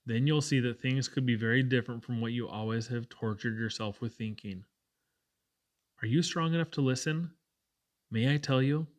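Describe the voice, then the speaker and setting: A man voicing a gentle but firm young woman who soothes a sick friend. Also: mid-range voice, moderate pace, natural voice. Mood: soothing.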